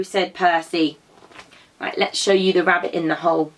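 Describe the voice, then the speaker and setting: A woman who teaches drama to young children, telling a story and prompting them to act it out in an animated, encouraging way. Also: lowish voice, normal speed.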